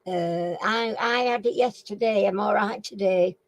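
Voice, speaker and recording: A Northern English woman hosting a casual live-stream chat. She rambles along and keeps clearing a frog in her throat. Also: medium pitch, measured pace, low-quality recording. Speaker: live chat and quiz host.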